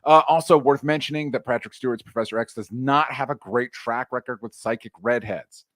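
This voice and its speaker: Male podcast co-host, loose and casual, cusses a lot, mid-pitched voice, dry recording. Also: fairly quick, no room sound. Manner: relaxed, loose, swears freely. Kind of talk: casual movie recap chat.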